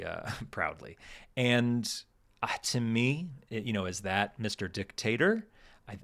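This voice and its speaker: Low-voiced man hosting a podcast. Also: gravelly, a bit bright. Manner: conversational, thinking aloud, with hesitant restarts. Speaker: podcast host. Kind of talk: casual analytical podcast talk.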